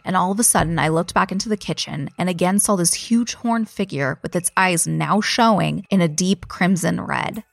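Low-voiced woman reading spooky stories. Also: vocal fry, dry recording. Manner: animated reader who breaks off to laugh and comment, swears casually. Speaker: podcast host reading listener stories. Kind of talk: reading listener letters, casual podcast chat.

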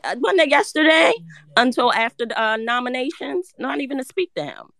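A woman guest on a live chat, indignant and talking fast about the contestants. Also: high-pitched, animated, creaky, fairly bright tone. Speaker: guest commentator. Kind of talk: live-stream reality show chat.

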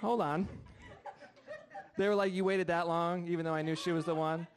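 Self-deprecating young stand-up comic. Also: male voice, on the high side, steady tone, moderate pace. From United States. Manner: self-deprecating, chatty, talks to the crowd. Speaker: stand-up comedian. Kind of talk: stand-up comedy set. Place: live comedy show with audience.

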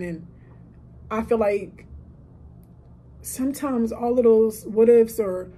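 Heartfelt woman, 30, with a mellow voice. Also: medium pitch, slightly rough, poor audio. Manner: heartfelt, emphatic, motivational. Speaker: podcast host. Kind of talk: casual solo podcast talk. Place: hotel room.

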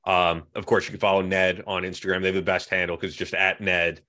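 A man's voice: sits low, flat delivery, fast, sharp tone. A man hosting a podcast in casual chat, upbeat and promotional. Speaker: podcast host.

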